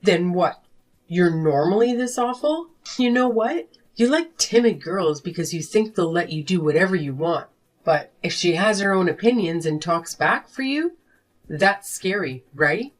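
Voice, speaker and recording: A woman voicing a furious wife and mother who confronts her selfish husband in an animated drama. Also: lowish voice, a little slow. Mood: confrontational. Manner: sharp, accusing, confrontational. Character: fed-up wife and mother demanding divorce. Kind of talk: animated story voice acting.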